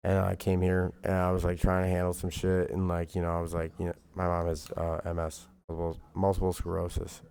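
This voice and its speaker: Streamer guy venting, low gravelly voice, lots of "bro" and "like", heated and sweary. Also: completely flat delivery, a little fast, few pauses, darkish tone. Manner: rambling, profane and heated, full of fillers like "bro" and "like". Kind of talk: livestream monologue.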